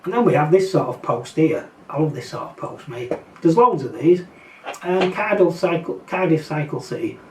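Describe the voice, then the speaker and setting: A man's voice: on the high side, animated, normal speed, darkish tone, slight background noise. A man with a Yorkshire accent, ranting bluntly and sarcastically in a casual vlog, rambling with fillers and mocking asides. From Yorkshire, England. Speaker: vlogger. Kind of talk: casual opinion rant. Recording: roomy echo, distant from mic.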